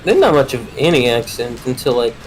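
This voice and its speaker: A man's voice: medium pitch, sing-song, brisk, rough recording. A man with a slight Texan accent chatting in a laid-back way while streaming a game. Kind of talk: casual chat while gaming. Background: game music.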